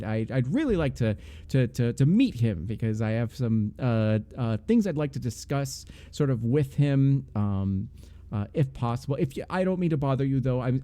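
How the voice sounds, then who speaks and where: A tall elf gentleman, fussy and endlessly apologetic, tripping over his words, as a man puts him on. The voice is mellow and soft-edged, sitting at an ordinary pitch. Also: natural voice. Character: tall vain male elf, nervous overly polite.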